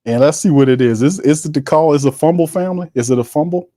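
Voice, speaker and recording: A man hosting a live watch party, calling the plays with excitement in casual slang, laughing often and chatting with his viewers. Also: a little high, fast, no echo, clean studio sound. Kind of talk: live play-by-play commentary on a stream.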